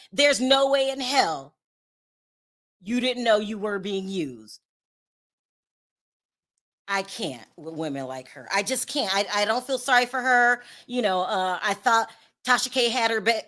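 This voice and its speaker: Bright, sassy woman dishing gossip. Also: on the high side. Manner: blunt, sassy and dismissive. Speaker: celebrity gossip host. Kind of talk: casual commentary.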